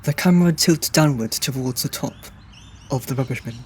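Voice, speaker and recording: A man's voice: mid-range voice, brisk, slight background noise. A man reading a screenplay's scene directions aloud in a dry, matter-of-fact way. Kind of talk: scripted narration of scene directions.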